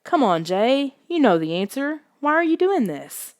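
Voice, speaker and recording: A woman voicing a big, gruff boy who mutters and avoids answering. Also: high voice, very animated, measured pace, a little mellow, dry recording, clean studio sound, voice pushed up. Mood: evasive.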